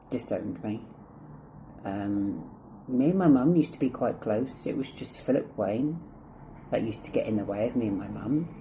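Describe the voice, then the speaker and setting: Rambling Scottish man with a mellow voice. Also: medium pitch, a little hiss or hum. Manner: rambling, chatty, heavy swearing, drifts off topic. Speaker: vlogger. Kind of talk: casual storytime vlog.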